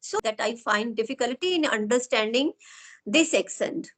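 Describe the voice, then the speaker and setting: A woman's voice: on the high side, animated, normal speed, a bit bright, poor audio. A woman with an Indian English accent, hosting an online interview and asking long, winding, earnest questions. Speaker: interviewer and host.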